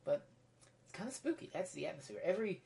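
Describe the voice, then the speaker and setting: A woman's voice: on the low side, very animated, quick pace, creaky, warm tone. A woman giving a casual solo review monologue, rambling and drifting into tangents. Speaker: video reviewer.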